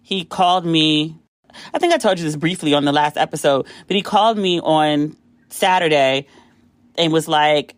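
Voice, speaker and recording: A woman from the United States hosting a podcast, telling a story casually and acting out the quotes with big jumps in pitch. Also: normal speed, dry recording, clean studio sound. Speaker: podcast host.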